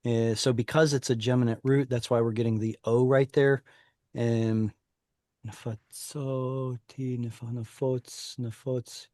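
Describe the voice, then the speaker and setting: A man's voice: medium pitch, steady tone, normal speed, a little mellow, dry recording, clean studio sound. Man teaching a class over video call. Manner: patient, explanatory, with frequent fillers. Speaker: Hebrew teacher. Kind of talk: online class instruction.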